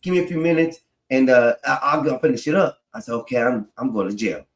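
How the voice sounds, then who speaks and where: A man's voice: medium pitch, animated, quick pace. A man telling a long personal story in a casual way, swearing freely and laughing as he goes. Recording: roomy echo.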